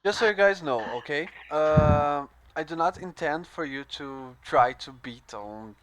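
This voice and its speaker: A man's voice: fairly high pitch, a little slow, fairly bright tone. A man running an online tabletop game as game master, easygoing, laughing often and stopping to say uh.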